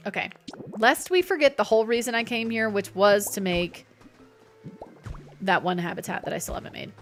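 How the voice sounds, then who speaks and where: A woman's voice: mid-range voice, normal speed, soft background music. A woman live streaming a game in casual chat, reading her chat aloud and joking back. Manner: chatty, reads chat aloud and answers it, jokey.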